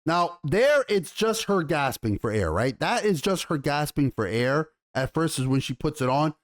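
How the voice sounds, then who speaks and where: Exasperated male reviewer with a high voice, foul-mouthed, tripping over his words. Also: sing-song, moderate pace. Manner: exasperated, swears a lot, stumbles and restarts. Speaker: YouTube TV show reviewer. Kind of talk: profane ranting review.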